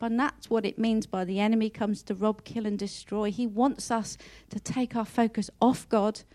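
Speaking in a mid-range, dark-toned voice, a woman delivers a personal devotional talk as a Christian speaker. She is earnest and emotional, frequently repeating herself and restarting her words.

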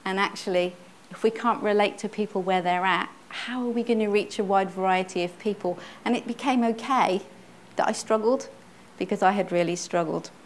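A middle-aged pastor's wife gives a personal testimony sermon from the pulpit, earnest and conversational, at an ordinary middle pitch and moderate pace with hardly any pauses. She often stumbles and restarts phrases before continuing, and the recording carries a little hiss or hum.

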